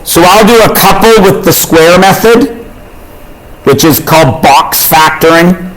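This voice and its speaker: A man's voice: high voice, expressive, measured pace, a bit bright, low-quality recording. A man teaching a math class in a casual way, often checking in with the students. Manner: informal, checks in with tag questions. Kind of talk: classroom lecture.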